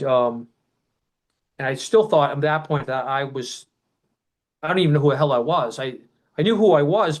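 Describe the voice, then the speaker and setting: A middle-aged man recounts a personal memory at length, his voice sitting in an ordinary middle pitch. He rambles and circles back, restarts his sentences, and bursts into loud quoted shouts of what people said. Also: low-quality recording. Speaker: podcast guest. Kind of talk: emotional personal storytelling.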